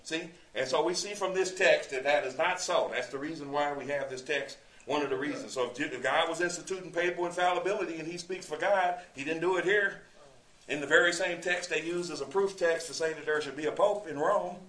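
A man's voice: fairly high pitch, fairly quick, pushed and bright. Echoey, distant male preacher. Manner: conversational, rhetorical questions, quotes scripture. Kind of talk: sermon, verse-by-verse Bible teaching. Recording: echoey room, distant mic.

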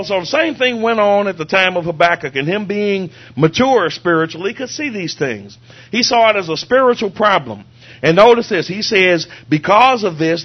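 High-voiced fervent male preacher. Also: dull audio. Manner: fervent, repetitive preaching, quoting scripture. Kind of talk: sermon.

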